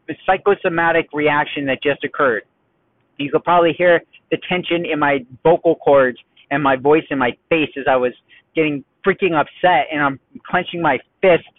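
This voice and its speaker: A man's voice: mid-range voice, no room sound, phone-quality sound. Chatty man podcasting from his car. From United States. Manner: animated, ranting and self-mocking. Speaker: podcast host. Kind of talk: casual solo podcast monologue.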